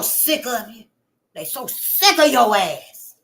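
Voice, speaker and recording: A woman talks straight to her listeners in a loose, sassy monologue, peppering her talk with "honey" and cuss words. Her voice sits a touch high and rings bright and forceful. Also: measured pace. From Memphis, Tennessee. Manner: animated, sassy, calls listeners honey, swears freely. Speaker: channel host. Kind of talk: casual monologue.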